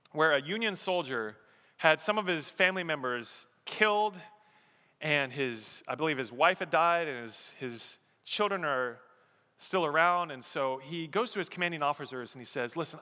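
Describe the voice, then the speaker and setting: A man's voice: fairly high pitch, bright, forceful tone. A man preaching a sermon as pastor, telling stories and building to emphatic peaks. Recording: echoey hall.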